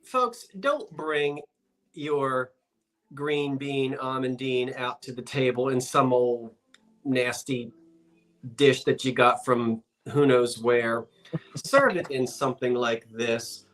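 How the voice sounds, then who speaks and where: Chatty, slow-talking man auctioneer. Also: medium pitch, a bit bright. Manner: playful, chatty, joking salesman patter. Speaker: live auction host. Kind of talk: live online auction selling.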